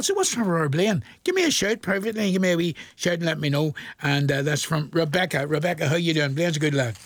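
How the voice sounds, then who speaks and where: High-voiced, chatty Northern Irish man. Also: expressive, fast talker, few pauses, no room sound, studio quality. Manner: rambling and folksy, hesitating over long lists of names. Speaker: radio presenter. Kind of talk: chatty radio shout-outs and requests.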